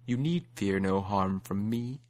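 A man's voice: on the low side, a little slow, darkish tone, natural voice. A man playing a proud, mighty elephant king. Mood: dignified.

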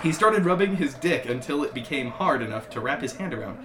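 A man's voice: medium pitch, lively intonation, a little fast. A man reading aloud in an echoey room. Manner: keeps breaking into laughter. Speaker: podcast host. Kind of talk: reading a comic story aloud. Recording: echoey room with loud background hum.

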